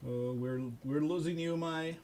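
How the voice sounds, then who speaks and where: A man's voice: on the high side, steady tone, a little slow, warm tone, a little hiss or hum. A man hosting a live online panel, inviting the guests to share their stories. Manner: encouraging, prompts guests. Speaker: host.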